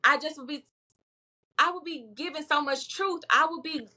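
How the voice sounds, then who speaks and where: A woman's voice: high-pitched, moderate pace, sharp tone. A woman speaking as a herbalist guest in a casual podcast chat, bold and emphatic, often repeating words to drive a point home.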